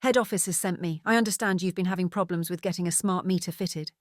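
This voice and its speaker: A woman voicing a cheerful young woman who poses as a saleswoman, in a strong Essex accent and with bright sales patter. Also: lowish voice, fast, no echo, studio quality, close to an everyday voice. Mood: chirpy, salesy.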